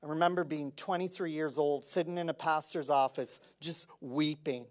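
A man preaching a sermon as pastor, conversational and fervent, swinging between hushed asides and loud emphasis with many "like" fillers. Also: on the high side, fairly even intonation, moderate pace, few pauses.

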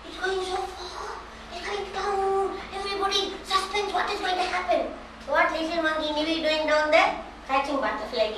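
Lively Tamil-accented woman telling a children's story. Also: extremely high pitch, fairly quick. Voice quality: lively, playful, mixes languages. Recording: distant, very echoey, noisy room.

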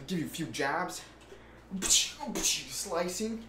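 A young man giving horror game commentary, jumpy and excitable, yelling at the game and then talking low and taunting. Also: a little slow, pauses often, background noise. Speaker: gaming YouTuber.

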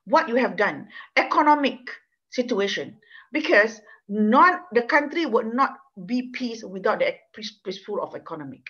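A woman with a Malaysian accent gives a university law lecture. She speaks earnestly and with feeling, in a slightly high voice. The recording is dull and lo-fi. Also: sing-song, normal speed, fairly bright tone. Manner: earnest, emotional, repeats words, non-native phrasing. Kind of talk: university lecture with personal story. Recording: dull lo-fi sound.

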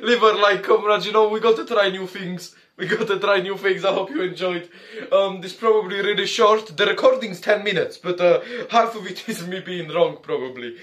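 A man's voice: high voice, normal speed, few pauses, fairly bright tone. A man hosting a casual comedy vlog, giggly and self-mocking as he talks to his viewers. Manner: giggly, self-mocking, often says "comrades". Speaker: channel host.

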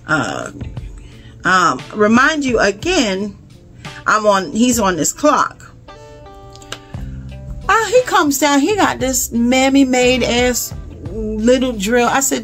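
An animated woman vlogger tells a story in a casual, exasperated way and keeps turning to her viewers. Her voice sits at an ordinary middle pitch, and faint music plays underneath. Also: unhurried. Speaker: home vlogger.

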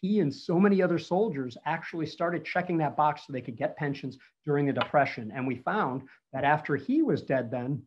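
Man, 50s, somewhat high voice, rambling storyteller style over a dull video call line. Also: animated, fairly quick, hardly any pauses. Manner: chatty storytelling with frequent fillers. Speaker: battlefield preservation speaker. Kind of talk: conversational online history talk. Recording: muffled lo-fi audio.

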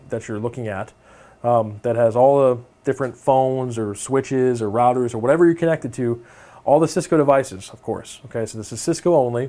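A young man teaching a networking course in a relaxed, conversational way, often checking in with his listeners. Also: mid-range voice. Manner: casual, filler-heavy, keeps checking in with okay. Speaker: networking instructor. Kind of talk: technical lecture over screen demo.

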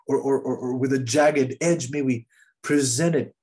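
A man preaching a sermon in an earnest, emphatic way, repeating phrases and letting key lines fall soft and low. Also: steady tone, moderate pace, slightly rough.

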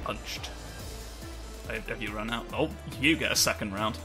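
A man giving casual gameplay commentary as a let's play host, excitable and joking, swearing and laughing often. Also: lowish voice, normal speed. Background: game music.

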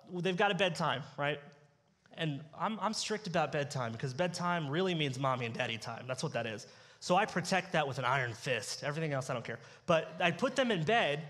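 A man's voice: on the high side, a bit bright. A young man preaching a sermon as pastor, telling funny family stories and acting out the dialogue. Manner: humorous storytelling, acts out dialogue. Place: church sanctuary. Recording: church hall reverb.

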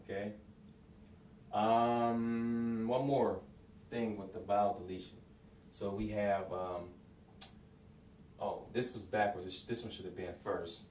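A man with a fairly low voice talks through an informal language lesson, pausing with fillers and restarting his sentences. He repeats example phrases slowly. The camera mic sits back from him in an echoey room, with faint hiss underneath. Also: little pitch movement, darkish tone. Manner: casual, hesitant, with many fillers and restarts. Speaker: language learner teaching lessons. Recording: roomy, distant home recording with faint hiss.

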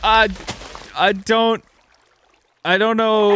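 An excitable man commentates on a game as he plays. He laughs often and talks straight to the creatures. His voice is high and swings widely, and music runs underneath. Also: moderate pace. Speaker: gaming video host.

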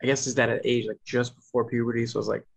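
A man's voice: mid-range voice, flat delivery, fast. A man in his thirties hosting a casual podcast, rambling through a family story with restarts and mimicking his kids. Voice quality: gravelly. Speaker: podcast host. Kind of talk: casual chat. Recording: dull lo-fi podcast sound.

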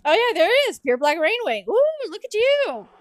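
Her voice is very high and sing-song, moving at a normal speed with no echo, as this young woman runs a casual gaming stream. Giggly and chatty with her viewers, she keeps yawning between sentences as she plays.

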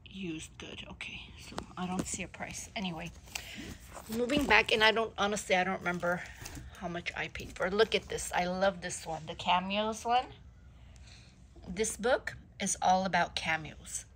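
A woman vlogger showing her collection of jewelry books in a casual show-and-tell, talking softly and admiringly and stumbling when she reads aloud. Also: mid-range voice, slight background noise, poor audio. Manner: slow, soft-spoken, admiring, stumbles when reading aloud.

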